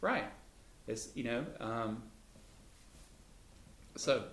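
A man teaching about the Bible in a relaxed way, with his voice leaping up when he acts out quotes. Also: very slow, a little hiss or hum. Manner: lively, pitch jumps up when voicing Jesus. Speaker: co-host of a Christian talk show. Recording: echoey room.

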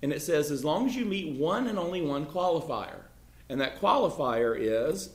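A man's voice: fairly high pitch, animated, normal speed. A man leading a casual Bible class, talking emphatically with many restarts and "you know" fillers. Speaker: Bible study teacher. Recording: echoey room.

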